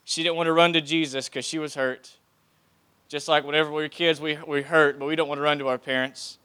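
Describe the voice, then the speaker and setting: A man's voice: fairly high pitch, fairly even intonation, fairly quick, bright, forceful tone, smooth. A young man giving a heartfelt sermon, reading scripture aloud and speaking earnestly, often restarting his phrases. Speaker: preacher.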